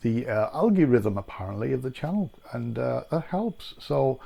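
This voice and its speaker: A man's voice: medium pitch, very animated, normal speed, creaky, few pauses, warm tone. A man chatting casually in a food taste-test vlog, rambling and filling gaps with lots of ums and uhs. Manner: chatty and rambling, with many fillers. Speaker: food vlogger.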